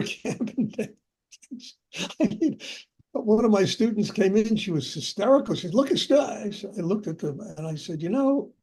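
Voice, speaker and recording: A man's voice: sits high, warm tone. An older man, a spiritual teacher, telling personal stories in a chatty way and laughing often during a question-and-answer talk. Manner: chatty, anecdotal, laughs often, frequent "you know".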